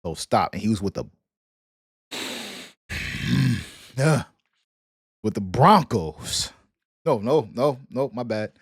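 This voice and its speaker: A man's voice: medium pitch, lively intonation, slow, vocal fry, pauses often, slightly rough, no room sound, studio quality. A man, ranting casually about his football team, joking and laughing between slang-heavy jabs. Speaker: sports commentary vlogger. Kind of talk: casual sports rant.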